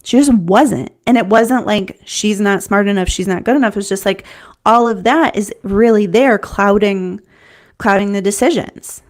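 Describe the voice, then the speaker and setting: Woman coach, earnest and conversational, mid pitch, teaching to camera. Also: moderate pace. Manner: earnest, conversational, repeats and restarts, says "right?". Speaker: business coach.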